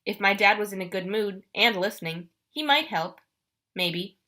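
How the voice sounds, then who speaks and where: A woman reading a first-person adventure audiobook in a brisk, expressive storytelling way. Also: mid-range voice. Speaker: audiobook narrator.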